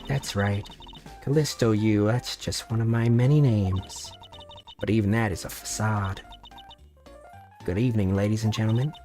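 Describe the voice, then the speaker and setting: A man's voice: fairly low pitch, fairly even intonation, normal speed, pauses often, dark tone, faint music behind, lightly acted. A man voicing a scheming female master thief in a game, reading her lines smugly and theatrically.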